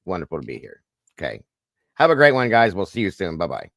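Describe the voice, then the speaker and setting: A man's voice: deep voice, wildly swooping pitch, fast talker, gravelly, fairly bright tone, no room sound, clean studio sound. A man hosting a casual livestream chat, goofy and corny, greeting viewers by name. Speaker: livestream host.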